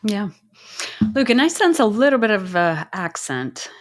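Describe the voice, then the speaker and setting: A woman's voice: medium pitch, very animated, unhurried. A woman hosting an interview podcast, chatty and easygoing, with hesitant restarts as she asks her questions. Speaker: podcast host. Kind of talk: casual interview talk.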